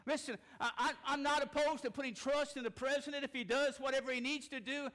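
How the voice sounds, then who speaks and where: A man preaching a sermon, folksy and impassioned, rising to shouts. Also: extremely high pitch, steady tone, quick pace. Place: church sanctuary.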